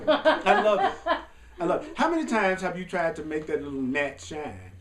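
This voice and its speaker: A man's voice: sits high, expressive, unhurried, crowd noise. A man teaching a spiritual class in a casual, playful way, chuckling often and wandering into asides. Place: classroom with a group. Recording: echoey room, distant mic, faint hum.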